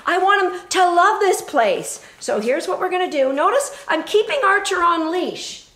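A woman's voice: very high-pitched, big pitch swings, normal speed, fairly bright tone. A woman dog trainer giving a chatty live demonstration, explaining as she goes and breaking into bursts of cheery praise for a puppy. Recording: echoey room with faint noise.

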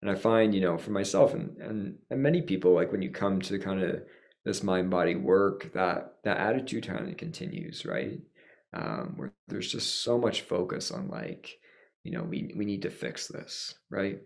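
Deep gravelly man, halting answers. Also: expressive, darkish tone. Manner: halting, lots of "like" and "right?" fillers. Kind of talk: answering panel question.

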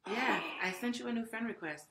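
A woman chatting as a podcast guest, laughing often and tossing in quick wry remarks. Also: fairly high pitch, vocal fry, roomy sound, noisy background. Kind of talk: casual chat.

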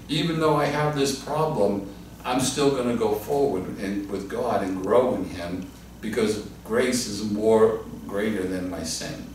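A male pastor teaching a Bible study in earnest, restarting and repeating phrases, dropping lower and softer when he quotes God. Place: church hall. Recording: echoey church room from a distant mic, faint noise.

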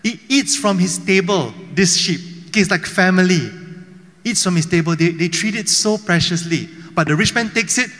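High, bright-voiced male preacher in a reverberant hall. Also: normal speed. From Malaysia. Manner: storytelling preacher with frequent rhetorical questions. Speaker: pastor. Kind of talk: sermon. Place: church hall.

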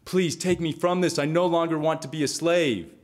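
A man's voice: a little high, fairly even intonation, normal speed, voice pushed up, close to an everyday voice. Brief: desperate young girl begging a god, voice raised, done by a male storyteller. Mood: pleading. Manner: pleading. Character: young enslaved daughter pleading.

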